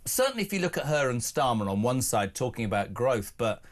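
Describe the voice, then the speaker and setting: A man's voice: mid-range voice, big pitch swings, brisk. A man hosting a talk radio drive show, bantering and teasing his guests and callers. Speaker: host.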